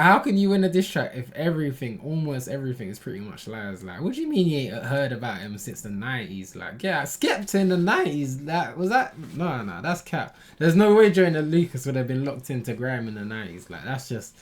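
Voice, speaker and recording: A British man hosting a reaction video, talking casually and with slang. He swings between loud outbursts and quieter asides. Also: a little high, big pitch swings, fairly quick, few pauses. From United Kingdom.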